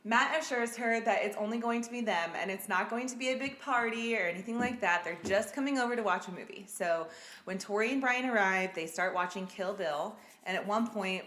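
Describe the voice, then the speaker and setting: A woman host recounts a true-crime story in casual chat, often breaking into giggles. Her voice is bright and clear. The room around her is echoey. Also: mid-range voice, a little fast. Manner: giggly, keeps trying to get back on track. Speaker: podcast host.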